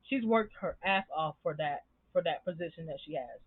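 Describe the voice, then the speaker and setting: A woman's voice: low-pitched, animated, normal speed, slightly rough, no echo. A young woman giving an impassioned, emphatic commentary rant as a show reviewer, frustrated and swearing freely. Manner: emphatic, frustrated, heavy profanity. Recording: tinny phone-like dry sound.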